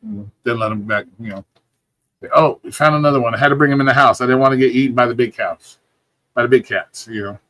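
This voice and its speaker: A man's voice: medium pitch, fairly bright tone. A man hosting a livestream, chatting casually from home in a rambling, profane, laid-back way, sounding sleepy. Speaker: livestream host. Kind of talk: casual chat.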